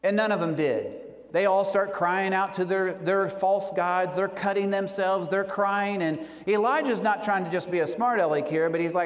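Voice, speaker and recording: A man preaching a sermon, telling a story earnestly and slowing down for emphasis. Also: high-pitched. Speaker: pastor. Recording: long hall reverb.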